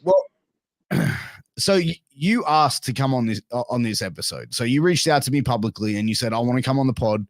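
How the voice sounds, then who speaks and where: A man's voice: medium pitch, very animated, brisk. Stammering podcast host man. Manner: stammering, pressing questions. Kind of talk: casual interview.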